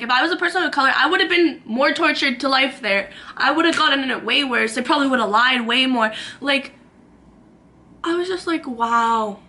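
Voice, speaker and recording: A young woman in her twenties tells a story straight to the camera, chatty and animated, acting out every quote. Her voice sits a little high and sounds bright and forceful. A faint hum of room noise runs underneath. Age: 20s. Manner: animated, acts out quotes, lots of "like". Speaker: vlogger.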